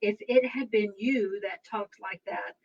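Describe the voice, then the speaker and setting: A man's voice: high voice, steady tone, measured pace, creaky, slightly rough, dull audio, full character voice. A woman voicing a hot-tempered young husband who blusters and threatens. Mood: angry.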